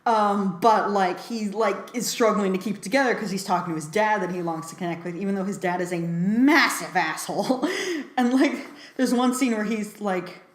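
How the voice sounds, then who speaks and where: A woman's voice: mid-range voice, moderate pace, roomy sound. A woman giving a casual film review, talking chattily with lots of fillers and frequent laughs.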